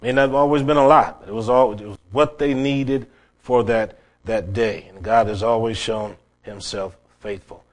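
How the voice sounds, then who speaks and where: A man's voice: medium pitch, steady tone, normal speed. A middle-aged man preaching a sermon, telling stories and often restarting his words. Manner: storytelling with many restarts and repeated words.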